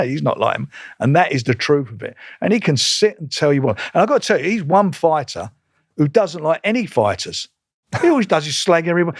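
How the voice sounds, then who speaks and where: A man's voice: on the high side, dry recording, studio quality. An older man, a boxing promoter telling blunt stories in a casual interview and acting out old conversations. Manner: blunt, animated, re-enacts conversations in quotes.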